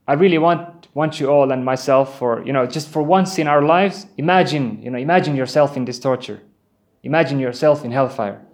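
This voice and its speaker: A man giving an earnest Islamic sermon, telling vivid stories and reciting Quran verses in Arabic. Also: medium pitch. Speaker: preacher.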